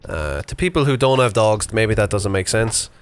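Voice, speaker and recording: A man's voice: fairly low pitch, expressive, moderate pace, slight background noise. A man in his thirties casually narrating an unscripted vlog while walking his dog outdoors, chatty and rambling with fillers. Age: 30s. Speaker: vlogger. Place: outdoors on a morning walk.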